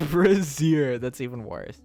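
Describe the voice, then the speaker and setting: A young man chats with his stream audience in an unhurried, drawn-out way, teasing viewers and often dissolving into high squeals of laughter. His pitch swoops a lot from line to line. Faint music plays behind him. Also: lively intonation, darkish tone. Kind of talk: casual chat reading live chat.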